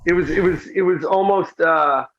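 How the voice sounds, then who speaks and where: A man's voice: sits high, moderate pace, a bit bright, highs cut off, a little hiss or hum. A middle-aged man, a comedian and actor, talking earnestly in an interview and often asking "you know what I mean". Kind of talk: interview conversation.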